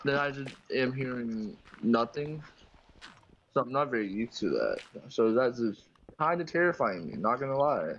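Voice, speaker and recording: A man's voice: medium pitch, big pitch swings, moderate pace, fairly bright tone, slight background noise. Joking young man on a dull mic. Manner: joking, rambling with many uh fillers. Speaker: guest gamer. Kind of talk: casual gaming chat.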